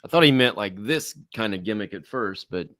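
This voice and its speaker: A man's voice: fairly low pitch, lively intonation, brisk, pushed and bright, dry recording. Dry-sounding hesitant male co-host. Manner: hesitant, thinks aloud with many "like"s. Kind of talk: casual chat, reading viewer questions.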